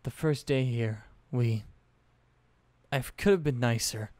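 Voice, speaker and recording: A prim, proud young woman from a fan story, as a man narrator voices her. He keeps close to his own voice, speaking in a measured and formal way. The sound is dry and close. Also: mid-range voice, a little mellow, no echo, close to an everyday voice. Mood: contrite.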